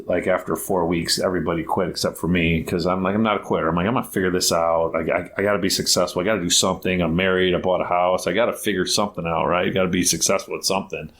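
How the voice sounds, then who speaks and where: A man's voice: deep voice, a bit bright. A middle-aged man, a guest on a podcast, telling a casual rambling story full of "like" and restarts, acting out the dialogue he quotes. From Ohio, United States. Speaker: guest, basketball academy founder.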